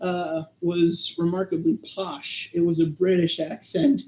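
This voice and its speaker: Man with a high voice, echoey room. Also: very animated, measured pace, darkish tone. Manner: thoughtful, rambling with many fillers. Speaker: podcast co-host. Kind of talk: casual chat.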